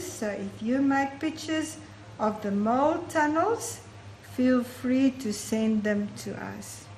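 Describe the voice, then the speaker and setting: A woman's voice: fairly high pitch, echoey room, a little hiss or hum. A woman telling a Bible story to children as a storyteller. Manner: slow, warm-toned teaching to children. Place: church hall.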